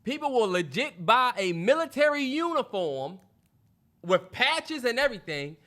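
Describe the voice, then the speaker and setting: Teasing man with a lively high voice. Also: unhurried. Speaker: podcast co-host. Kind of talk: casual chat.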